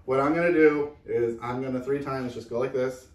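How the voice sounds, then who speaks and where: A man's voice: mid-range voice, fairly even intonation, brisk, a little mellow. Guy hosting a giveaway video, joking around, echoey room, mic kinda far. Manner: joking, reads comments aloud. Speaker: channel host. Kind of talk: casual chat.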